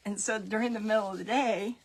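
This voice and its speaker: A woman's voice: medium pitch, steady tone, quick pace. A middle-aged woman telling casual stories while she paints, chatty and laughing at her own pranks. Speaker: crafting tutorial host.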